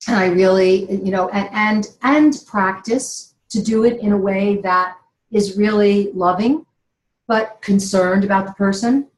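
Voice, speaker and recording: A woman's voice: medium pitch, fairly even intonation, measured pace. A middle-aged woman giving an earnest, emotional motivational talk, telling a personal story and laughing now and then. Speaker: inspirational speaker. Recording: roomy echo.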